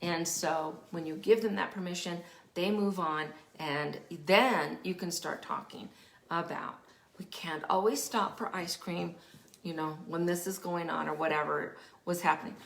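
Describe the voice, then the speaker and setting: Animated woman giving parenting advice. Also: fairly low pitch, a little slow, vocal fry, echoey room. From Denver area, United States. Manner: animated, acts out quoted children and parents, drops to a whisper for emphasis. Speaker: parenting specialist, teacher. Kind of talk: casual explanatory advice talk.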